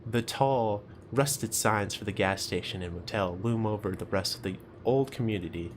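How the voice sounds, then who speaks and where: A man's voice: on the low side, moderate pace, slight background noise. A young man reading a visual novel aloud in first person, with casual, chatty asides.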